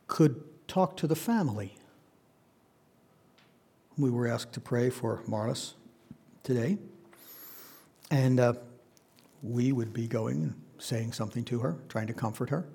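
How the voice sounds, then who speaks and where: A man's voice: medium pitch, gravelly, dark tone, slightly rough. A man preaching a conversational Bible-teaching sermon, putting questions to his listeners. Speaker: pastor.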